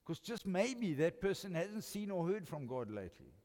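An older man with a South African accent preaching a sermon, swinging between loud emphatic lines and quiet, intimate ones. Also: high voice, sing-song, moderate pace. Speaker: pastor. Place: church hall. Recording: long church reverb.

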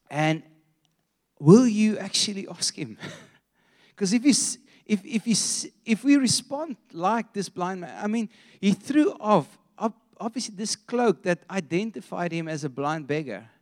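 A man preaching a sermon to a church congregation, retelling a story with animated energy and frequent restarts. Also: high voice, a little slow.

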